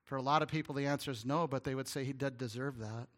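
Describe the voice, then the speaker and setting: A man preaching a sermon as pastor, telling stories and acting out little dialogues, moving between hushed and loud delivery. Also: medium pitch, steady tone, fast talker. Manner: storytelling preacher, dropping to hushed tones and rising to loud ones; acts out little dialogues with the congregation.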